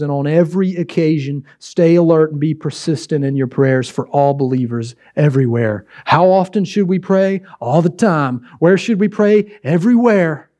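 A man's voice: a little high, mellow. A pastor preaching a sermon, exhorting with repeated emphatic phrases and shifting his pace for effect.

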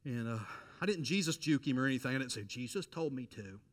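A middle-aged man preaching a sermon, telling a personal story with lively quoted voices and direct appeals to listeners. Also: medium pitch, fast talker. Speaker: pastor.

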